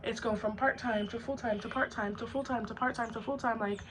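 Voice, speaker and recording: A woman's voice: a little high, a little fast, low-quality recording. Blunt, profane young woman telling a story. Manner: blunt, profane and animated, acting out both sides of the argument. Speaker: vlogger. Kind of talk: storytime vlog.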